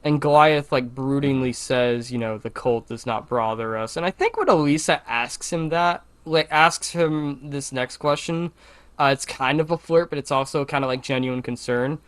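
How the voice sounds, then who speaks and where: A man's voice: a little high, expressive, normal speed, fairly bright tone. A man co-hosting a podcast in casual chat, talking with a Valley Girl inflection. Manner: chatty, self-described Valley Girl inflection. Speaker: podcast co-host.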